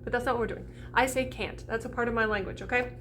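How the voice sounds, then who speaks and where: A woman voice coach teaching French diction for singers, bubbly and animated, sounding out vowels as she goes. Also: fairly high pitch, fast, slight background noise. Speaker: classical voice coach.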